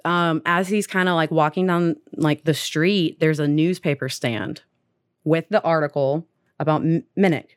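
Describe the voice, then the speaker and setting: Low-voiced young woman telling a story. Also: fairly even intonation, normal speed, smooth, no room sound, studio quality. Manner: retells a story with lots of "like" and acted quotes. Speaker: podcast storyteller. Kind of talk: casual storytelling chat.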